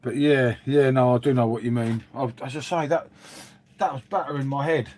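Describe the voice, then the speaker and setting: A man's voice: medium pitch, normal speed, darkish tone. A middle-aged man hosting a casual livestream from his dim room at home, rambling and calling his viewers "mate" as he answers them. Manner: chatty, rambling, says "mate" a lot, reads and answers viewers. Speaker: livestream host. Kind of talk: casual live-stream chat.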